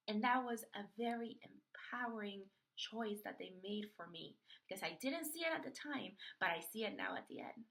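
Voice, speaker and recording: A young woman hosting a podcast, telling a personal story in an animated way and acting out the voices of others in it. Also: mid-range voice, moderate pace, creaky, few pauses. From Florida. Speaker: podcast host.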